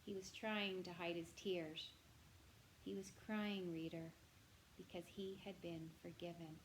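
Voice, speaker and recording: Gentle woman reading a storybook aloud. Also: fairly low pitch, measured pace, slight background noise, poor audio. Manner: gentle, expressive, addresses the listener directly. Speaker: reader of a children's novel.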